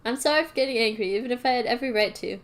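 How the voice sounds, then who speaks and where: A woman's voice: fairly high pitch, rapid-fire, close to an everyday voice. A woman reading as a hot-headed teen boy. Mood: bitter. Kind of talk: reading fan fiction aloud.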